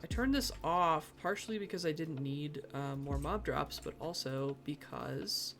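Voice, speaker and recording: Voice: mid-range voice, measured pace, a bit bright, a little hiss or hum. A streamer doing live gameplay commentary, muttering to themself and grumbling about their own mistakes. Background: background music and keyboard typing.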